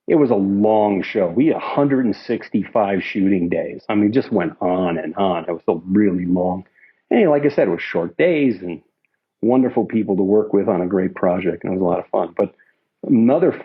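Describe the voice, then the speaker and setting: A man's voice: low-pitched, normal speed, breathy edge. Older man telling rambling anecdotes. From United States. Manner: rambling anecdotes with frequent restarts. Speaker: interview guest. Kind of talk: casual storytelling. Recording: slightly dull lo-fi recording.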